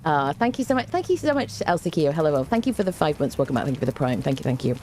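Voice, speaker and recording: A woman's voice: deep voice, very animated, racing, music in the background. A young woman streaming a game, chatting casually with viewers, greeting them by name with plenty of fillers. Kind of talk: casual live-stream chat.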